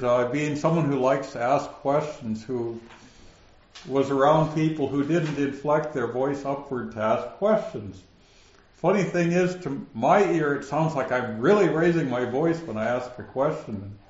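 A man's voice: mid-range voice, darkish tone, echoey room, lo-fi sound. A man with a northern Minnesota accent teaching a Bible passage, his questions rising so little they sound like statements.

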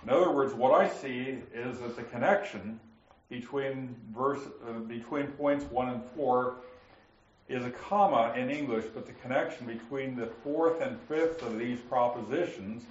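A man's voice: mid-range voice, unhurried, roomy sound, dull audio. A man teaching a Bible class, explaining grammar step by step and reading passages aloud to students. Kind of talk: classroom lecture on scripture grammar.

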